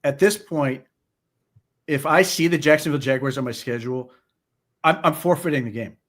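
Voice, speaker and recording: A man co-hosting a sports podcast, talking football in casual chat, animated and incredulous, often stammering into restarts. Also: on the high side, moderate pace.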